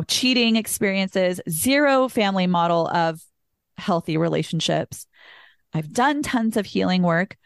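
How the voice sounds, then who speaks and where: A woman hosts a casual podcast conversation, speaking candidly and without polish. Her pitch sits in the middle of the range. The recording is dry and close, with no room sound. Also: dry recording. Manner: candid and frank, with casual swearing. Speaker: podcast host. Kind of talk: casual interview chat.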